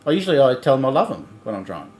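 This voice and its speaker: A middle-aged man co-hosting a livestream in blunt, animated casual chat, swearing freely. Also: medium pitch, racing, roomy sound, over a noisy crowd. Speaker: livestream co-host.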